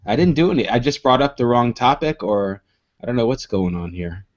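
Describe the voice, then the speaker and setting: A man's voice: medium pitch, animated, a little fast. A man co-hosting a live online show in casual chat, rambling with many restarts. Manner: rambling, with restarts and "you know"s. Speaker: co-host. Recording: dull lo-fi stream audio.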